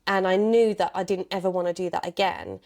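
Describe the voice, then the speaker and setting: A woman's voice: on the low side, a little fast, a little mellow. A woman, hosting and reflecting thoughtfully in a casual chat.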